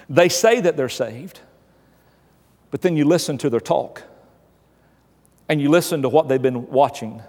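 A man's voice: a little high, darkish tone. A male pastor preaching a sermon, telling a story and asking repeated emphatic questions. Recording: long hall reverb.

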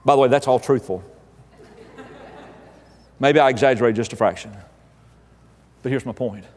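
A married man preaching a humorous sermon, telling a story with emphatic, animated delivery that swells into exasperated outbursts. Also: medium pitch, moderate pace. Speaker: pastor. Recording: reverberant hall.

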